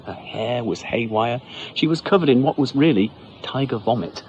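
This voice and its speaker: A man reading a children's story aloud in an expressive, playful way. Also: mid-range voice, normal speed, muffled recording, a little hiss or hum.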